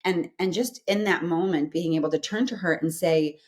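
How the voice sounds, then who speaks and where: This guest is a female psychologist in her forties with a fairly low voice, talking at a moderate pace with hardly any pauses. Her casual interview manner is earnest and explanatory, full of "right?" tags.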